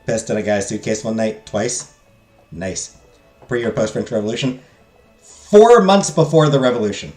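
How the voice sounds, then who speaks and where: A man's voice: lowish voice, expressive, normal speed, pauses often, a little mellow. A man streaming a text game, reading its narration aloud and cracking jokes with his chat. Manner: jokey, self-deprecating asides between narration. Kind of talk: let's play, reading game text and chatting with viewers. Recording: roomy echo, faint game music.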